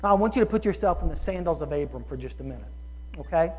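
A man preaching a sermon, moving from calm teaching to loud, excited preaching. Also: fairly high pitch, quick pace, husky. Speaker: pastor. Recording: dull sound with long hall reverb.

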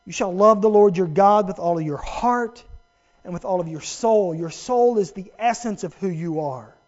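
A man's voice: high voice, moderate pace, darkish tone, highs cut off. A man preaching a sermon as pastor, emphatic and earnest with humorous asides to his congregation.

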